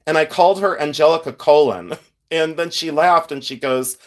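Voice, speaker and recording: At a normal speed, a man whose voice sits on the high side with a fairly bright tone runs a laid-back livestream as he sorts jewelry. He laughs often, chatting with his audience and calling out their names.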